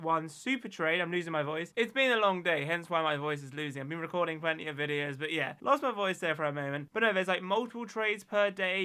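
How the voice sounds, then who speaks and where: A young man talking casually to the camera as a gaming YouTuber, chatty and excitable, with lots of fillers. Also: high voice, smooth.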